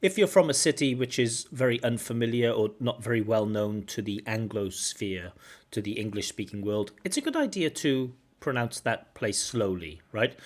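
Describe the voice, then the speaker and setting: A man giving commentary as a speaking examiner, explaining errors and slowly modelling the correct pronunciation of words. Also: medium pitch, expressive. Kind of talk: exam feedback commentary.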